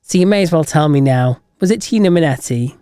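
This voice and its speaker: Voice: medium pitch, lively intonation, brisk, mellow, clear, resonant tone, no echo, studio quality, close to an everyday voice. A podcast host voicing a prying priest in a told joke, asking question after question. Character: nosy joke priest, adult man.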